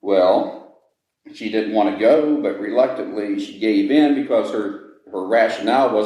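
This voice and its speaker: A man's voice: on the low side, measured pace, mellow. A man telling a ghost story to visitors inside an old jail, pacing it dramatically and lingering on grisly details. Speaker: ghost story teller and guide. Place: old jail building, indoors. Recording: echoey room.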